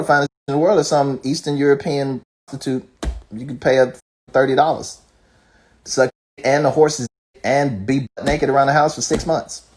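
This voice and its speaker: A rapper ranting casually, profane and fired up, firing off rhetorical questions. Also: male voice, medium pitch, a little mellow. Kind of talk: casual rant.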